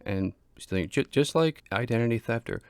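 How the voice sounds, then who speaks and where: A man's voice: medium pitch, animated, normal speed, a little mellow, smooth, dry recording. A man hosting a casual explainer monologue, speaking plainly, repeating himself and restarting often. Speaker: crypto explainer host.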